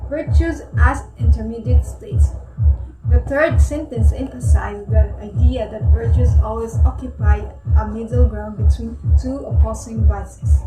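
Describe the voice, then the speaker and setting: A woman presenting a school lesson, reading a scripted explanation in a steady, plain tone. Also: a little high, unhurried. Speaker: student presenter. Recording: echoey, far from the mic, music behind.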